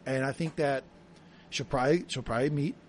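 A man co-hosting a podcast, chatting casually about a TV episode in an animated way and acting out quotes. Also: medium pitch, a little fast, slight background noise. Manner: animated, acts out quotes with a laugh. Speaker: podcast co-host. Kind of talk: casual chat recapping a TV episode.

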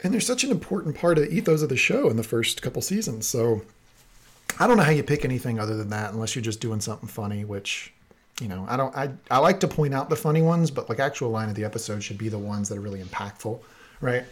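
A man co-hosting a podcast in a relaxed, agreeable casual chat, leading the segment. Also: medium pitch, fast. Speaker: podcast co-host.

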